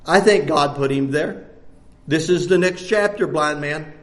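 A man preaching a sermon, animated, jumping between loud bursts and hushed lines and laughing often. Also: a little high, a little slow.

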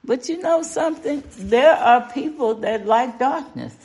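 An older woman leads a relaxed Bible study, speaking slowly with a lively, rising-and-falling voice. She is folksy and conversational and keeps asking her listeners questions. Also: high-pitched. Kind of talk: informal Bible study teaching.

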